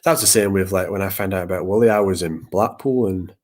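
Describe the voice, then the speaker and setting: A man's voice: deep voice, fast, darkish tone. A man hosting a podcast, talking casually about grief and acting out old conversations in a rambling, repetitive way. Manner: rambling, repeats words, acts out past conversations. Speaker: podcast host.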